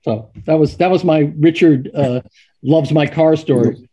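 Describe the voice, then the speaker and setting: A man's voice: fairly high pitch, measured pace, mellow, slightly rough. A middle-aged man, a sportswriter guest, telling stories casually with many restarts and fillers. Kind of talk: casual storytelling.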